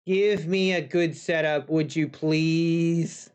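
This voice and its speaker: A man's voice: fairly high pitch, fairly even intonation, darkish tone, clean tone. A man live-streaming futures trading, chatting casually with viewers and talking to the market. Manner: talks to the market and chat, drawn-out pauses.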